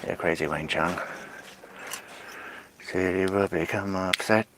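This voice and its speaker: A man's voice: low voice, steady tone, slow pace. A man livestreaming at home, massaging his dogs and talking to them in playful rhyming singsong, with coaxing commands to the pets. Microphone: phone microphone on a stream. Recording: clear background noise.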